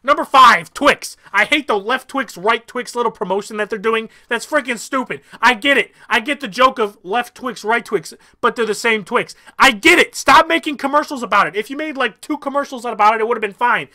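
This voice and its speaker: A young man hosting a comedic ranking vlog, ranting with mock outrage and swinging from mumbled asides to loud excited bursts. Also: very high voice, fairly quick, hardly any pauses. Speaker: YouTuber.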